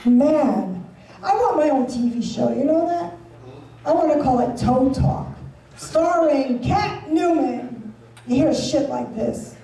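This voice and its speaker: A woman's voice: high voice, expressive, slow, mellow. A woman doing a bawdy stand-up comedy set, bantering brashly with the audience at a live show. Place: resort event room, live show. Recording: echoey venue from far off, with audience.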